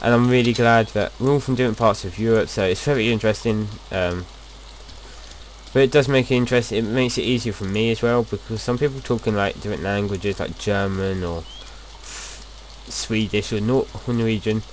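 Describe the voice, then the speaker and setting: A man's voice: on the low side, normal speed, slight background noise. A young man casually talking through his gameplay as a video host, rambling and chatty, often restarting his sentences.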